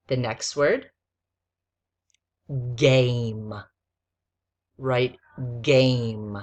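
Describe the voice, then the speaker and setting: A woman's voice: very deep voice, very slow, long pauses. A woman teacher giving a spelling lesson to a child, patiently spelling words out letter by letter.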